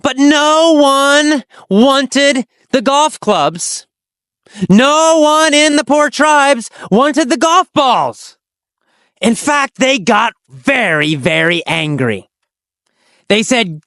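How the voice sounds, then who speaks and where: An English teacher telling a teaching story, asking simple questions and answering them, with slow, exaggerated storytelling and dramatic pitch swings. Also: lively intonation, fairly bright tone, clear, resonant tone, no echo, studio quality.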